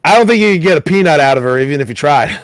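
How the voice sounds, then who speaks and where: A man's voice: fairly high pitch, lively intonation, rapid-fire, dry recording. A man hosting a comedy show, wryly reading forum posts aloud and laughing at them. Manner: wry, laughs at what he reads. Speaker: host reading internet posts.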